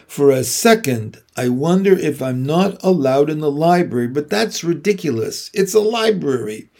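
A man reading a children's novel aloud in a steady, unhurried way. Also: fairly high pitch, creaky. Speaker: reader.

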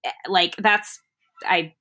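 A woman in easygoing podcast conversation, quick to laugh and to hunt aloud for a name. Her tone is bright and clear. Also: lowish voice, steady tone. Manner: chatty, laughs often, trails off searching for names. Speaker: podcast co-host. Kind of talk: casual chat.

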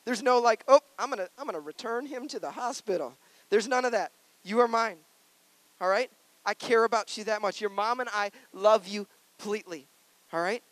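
A man's voice: high voice, fairly bright tone, dry recording. A male pastor preaching a sermon, playful and conversational, earnest and personal.

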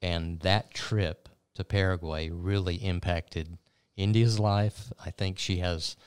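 A man interviews a guest in a measured, unhurried way, stopping for fillers as he gathers his thoughts. His voice is very deep and smooth, recorded close and dry. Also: steady tone, no room sound. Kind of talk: interview conversation.

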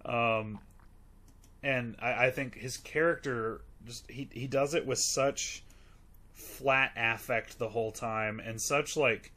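Bright-voiced rambling man chatting. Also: mid-range voice, fairly even intonation, slow. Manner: rambling and gushing, full of "like" and profanity. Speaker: podcast co-host reviewing a movie. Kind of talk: casual chat.

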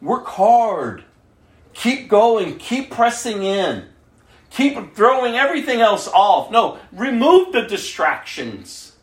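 A woman's voice: a little high, very animated, slow. A woman preaching a sermon, emphatic, acting out the prayers she quotes. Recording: roomy echo.

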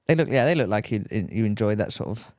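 A man's voice: on the low side, lively intonation, a little mellow, no echo, studio quality. A man co-hosting a podcast in casual chat, joking and teasing his co-host. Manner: joking, teasing, quick to laugh.

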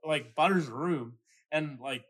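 A man's voice: on the high side, slow, a bit bright, slightly rough. A man co-hosting a casual podcast, swearing and laughing through a rambling story. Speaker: podcast co-host.

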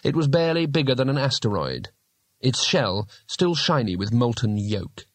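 A man narrating a fantasy audiobook in a measured, steady way. His pitch sits in the middle range, and the recording is dry and close with no room echo. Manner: measured, storytelling. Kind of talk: scripted narration.

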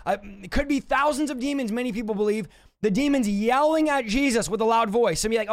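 A man's voice: extremely high pitch, quick pace. A man preaching on a livestream, emphatic and confrontational, repeating his points for force. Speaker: deliverance preacher. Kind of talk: livestream teaching.

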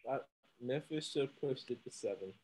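A man's voice: medium pitch, normal speed, darkish tone, slightly rough, poor audio. A man co-hosting a sports talk show, chatting casually and laughing easily, at times stumbling over names. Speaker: podcast co-host.

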